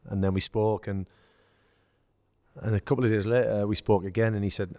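Deep-voiced English man telling stories. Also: quick pace, darkish tone, no echo. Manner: storytelling, acts out quoted dialogue, laughs. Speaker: former footballer, podcast guest. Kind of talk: casual anecdote telling.

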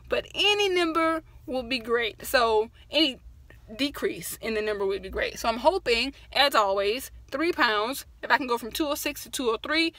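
Bright chatty woman vlogger. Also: a little high, no room sound. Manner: chatty, rambling, encouraging, says "y'all". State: tired after a workout. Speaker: fitness vlogger. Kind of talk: casual chat to camera. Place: parked truck.

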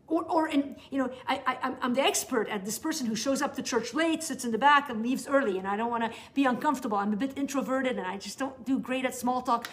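A woman's voice: high voice, fast talker, hardly any pauses. A middle-aged woman giving a teaching session to new believers, talking in an earnest, conversational way with frequent restarts. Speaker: Bible teacher.

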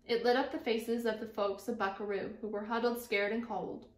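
A woman's voice: fairly high pitch, little pitch movement, normal speed. A woman teacher expressively reading a picture book aloud and interjecting to her class. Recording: echoey room.

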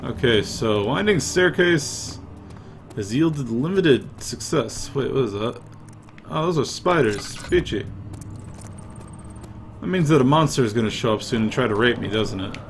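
A man's voice: medium pitch, expressive, unhurried, a little hiss or hum. A man giving profane, irritable gameplay commentary, mumbling to himself as he plays, into a desk mic. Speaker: let's play gamer.

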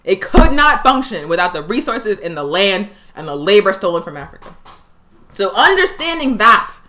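A woman's voice: medium pitch, sing-song, normal speed, sharp tone. A young woman hosting a live political talk show, fiery and emphatic, hammering points home by repeating phrases. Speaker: political education show host.

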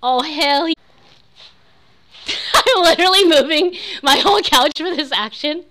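A woman's voice: high voice, expressive, measured pace, pushed and bright, a little hiss or hum. A woman in her thirties chatting casually while she plays a game on stream. She is giggly and rambling, and she swears freely. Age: 30s. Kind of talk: casual live gameplay chat.

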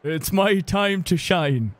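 A young Irish man streaming a game with friends, cheering loudly and teasing the others. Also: sits high, lively intonation, slow, no echo. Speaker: gamer. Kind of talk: live-streamed gameplay chat.

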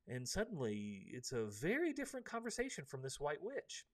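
A man's voice: a little high, huge pitch swings, moderate pace, hardly any pauses. Earnest man preaching through a book. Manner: earnest and preachy, many ums and restarts. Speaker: host of a live book discussion. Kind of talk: live faith-based book discussion.

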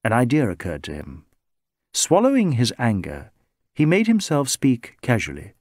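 A man reading a novel aloud as narrator, in measured, expressive storytelling. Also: medium pitch, no room sound, clean studio sound. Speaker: audiobook narrator. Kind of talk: scripted narration.

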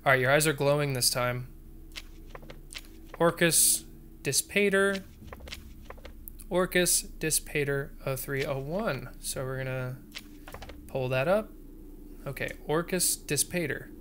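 Man, jokey game commentary, bright tense voice, mutters under his breath. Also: a little high, slow pace, pauses often, a little hiss or hum. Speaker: gaming video creator.

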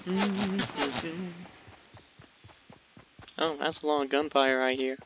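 High-voiced playful man commentating a game. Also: slow pace, noisy background. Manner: playful, laughs often, teasing. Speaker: gameplay commentator. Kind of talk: casual video game commentary.

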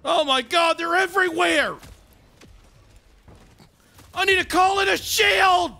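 A man putting on the voice of a frantic shouting army sergeant while playing a video game, barking radio-style orders. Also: very high voice, slow, creaky, pitched above the performer's own voice, heavily acted. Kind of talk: in-character game commentary.

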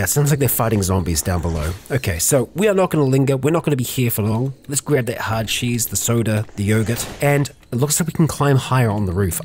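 A young man talking through a survival game in an easygoing, conversational way, narrating his character in the third person. His voice sits in an ordinary middle pitch, recorded on a desk mic with a faint hum of ambience behind him. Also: darkish tone. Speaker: let's play host narrating a survival game. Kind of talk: roleplay-style game commentary.

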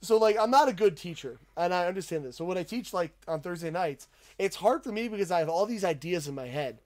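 A young man hosting a podcast, telling a profane, animated story in casual chat. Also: high-pitched, fast talker. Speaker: podcast host.

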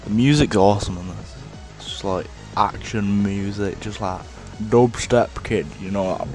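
A young man rambling casually through a let's-play of a game on a headset mic, with lots of fillers and sudden shouts of frustration. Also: fairly low pitch, unhurried, soft background music. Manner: rambling, filler-heavy, bursts into rage shouts. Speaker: gaming video host.

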